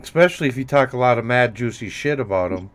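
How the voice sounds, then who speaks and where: A man's voice: mid-range voice, animated, fast talker. A man hosting a casual profane chat show with a Minnesotan accent, rambling and laughing as he mocks others. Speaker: host.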